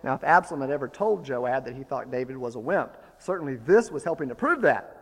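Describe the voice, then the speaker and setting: A man preaching a sermon, retelling a story with lively, building emphasis. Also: mid-range voice, quick pace, husky, in a large hall. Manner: storytelling, animated, rising to forceful emphasis.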